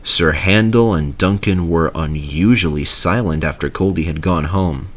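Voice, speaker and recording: A man reading a railway storybook aloud in a measured, expressive narration. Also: deep voice.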